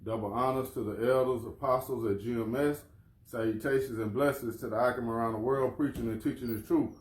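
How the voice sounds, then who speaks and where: A man's voice: medium pitch, fairly even intonation, brisk. Man, informal religious teacher, casual, echoey room. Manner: casual, calls people "man" and "bro". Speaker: lesson leader.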